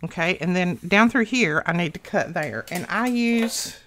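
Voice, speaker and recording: A lowish, animated and slightly bright female voice at normal speed belongs to a craft channel host. During a casual tutorial she chats with viewers while working, a bit out of breath.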